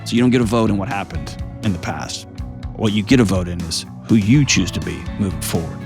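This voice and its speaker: A man's voice: low voice, brisk, vocal fry. A middle-aged man hosting a call-in advice show, talking bluntly and animatedly with jokes, with a faint music bed behind him. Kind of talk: casual advice talk and ad reads.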